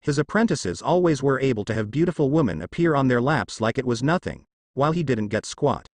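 A man narrating a fan fiction story aloud in a plain, steady reading voice with occasional misread words. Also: medium pitch, a little fast, dry recording.

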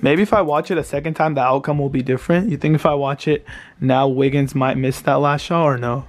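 Fairly quick and fairly even in intonation, this twenty-something vlogger's mid-range voice carries a self-pitying, exasperated rant about his losing team. He recorded the sports reaction at home late at night.

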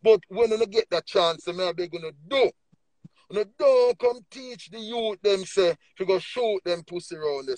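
A man with a Jamaican accent preaching emphatically on a livestream, swinging between low murmurs and loud bursts. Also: no room sound. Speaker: livestream speaker.

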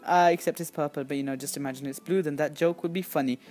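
A woman hosting a gaming video, giving excitable, chatty commentary as she plays and often squealing in excitement. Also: deep voice, quick pace, hardly any pauses, faint music behind. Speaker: gaming channel host. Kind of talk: casual game commentary.

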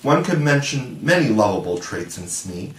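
A man's voice: mid-range voice, sing-song, normal speed. A man reading a classic children's novel aloud as an audiobook narrator. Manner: storytelling reading. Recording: echoey room, from far off.

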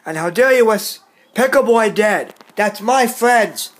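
A man ranting to his phone camera in a vlog, scolding and repeating himself slowly and emphatically. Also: high voice, lively intonation. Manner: repetitive, scolding, slow and emphatic. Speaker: video uploader. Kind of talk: angry vlog rant to camera.

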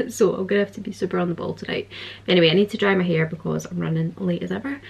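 A woman's voice: lowish voice, vocal fry. A Scottish woman in her twenties chatting casually to camera at home in a vlog, rambling with lots of fillers. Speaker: vlogger. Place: at home, bedroom.

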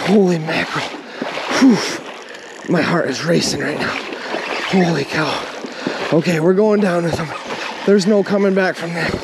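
A high-voiced man exclaims and pants as he fights a fish, out of breath between words. He is on a riverbank, recorded on a camera mic with loud rushing water behind him. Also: vocal fry, heavy background noise. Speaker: fishing vlog host. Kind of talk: live excited commentary while fighting a fish. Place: outdoors on a riverbank.

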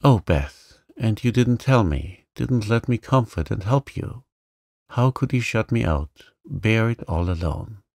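A man's voice: fairly low pitch, expressive, unhurried, vocal fry, darkish tone, no echo, studio quality. A man voicing a passionate, headstrong young woman who speaks earnestly and pleadingly to her sister.

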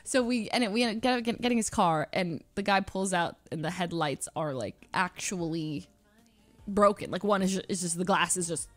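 Young woman, streamer, casual storytelling, lively quoting, dry close mic, faint music behind. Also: lowish voice, moderate pace, dry recording. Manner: animated, quotes others in lively voices.

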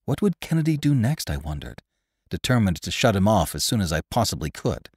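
A man narrating a classic story for a podcast in a measured, expressive storytelling manner. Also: on the low side, breathy edge, no room sound, studio quality.

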